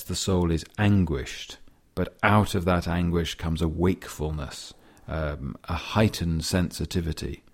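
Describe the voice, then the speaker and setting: A man with a very low voice lectures on a poem and reads its lines aloud. His pace is unhurried and thoughtful, and he adds scholarly asides. He sounds middle-aged. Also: darkish tone. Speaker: literature lecturer. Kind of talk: explaining and reading poetry aloud.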